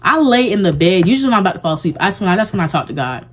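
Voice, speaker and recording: Young woman vlogger with a low, deep voice, chatty and confessional, rambling with lots of "like". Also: big pitch swings, very fast, breathy edge. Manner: rambling and heartfelt, heavy use of "like". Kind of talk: casual confessional vlog talk.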